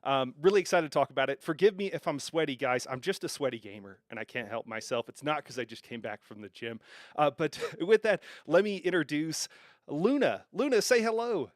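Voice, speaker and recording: A man's voice: fairly high pitch, fairly quick, no room sound, studio quality. A man hosting a live gaming stream, chatting casually, laughing often and restarting phrases. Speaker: stream host.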